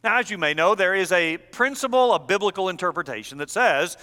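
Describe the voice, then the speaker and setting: Man, pastor, emphatic sermon, bright tone, reverberant hall. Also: high-pitched, lively intonation, a little fast. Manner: expository, emphatic teaching.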